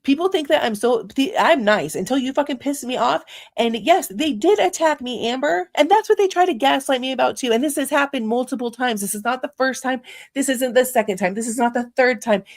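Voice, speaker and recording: A young adult woman with a high-sitting voice talks fairly quickly as she hosts a livestream. She rants angrily at her chat, full of profanity.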